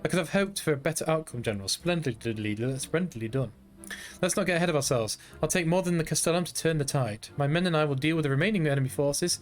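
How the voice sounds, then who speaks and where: A man's voice: on the high side, fast talker, lightly acted. A man reading as a formal military commander.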